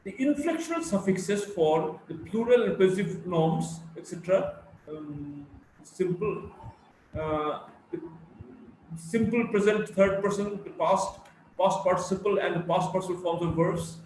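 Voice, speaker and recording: A man teaching a live phonetics class, slowly drilling word lists and explaining stress rules. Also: sits high, darkish tone, far from the mic, slight background noise. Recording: echoey room, voice from afar.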